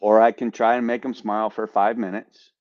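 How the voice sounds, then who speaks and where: A man on a podcast telling a story in a casual, animated way, swearing and repeating words as he goes. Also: on the low side, brisk, dry recording, dull audio. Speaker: podcast host, veteran.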